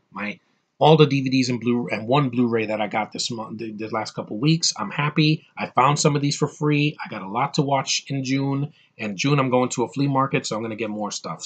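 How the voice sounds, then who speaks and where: A man's voice: medium pitch, fairly bright tone. A young man vlogging casually from home, rambling and opinionated about movies, with lots of fillers and restarts. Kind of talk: casual DVD haul vlog.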